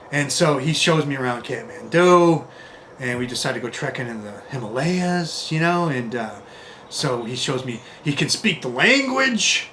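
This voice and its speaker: A man from Chicago in his fifties, telling travel stories in a casual, rambling, animated way with lots of "you know". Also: a little high, slight background noise. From Chicago, USA. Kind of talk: casual storytelling.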